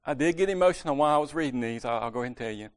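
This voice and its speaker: A man's voice: mid-range voice, animated, racing. A man giving a casual, conversational sermon at a church meeting, correcting himself and joking lightly as he goes.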